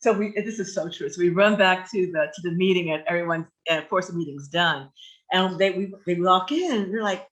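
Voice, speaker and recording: A woman hosting a radio talk show, telling a personal story in an animated, candid way. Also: lowish voice, brisk.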